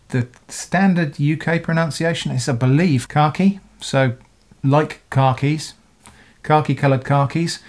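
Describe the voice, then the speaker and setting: Middle-aged man, casual talk to camera, rambling, self-correcting, mid-pitched voice. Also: darkish tone. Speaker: video creator answering comments.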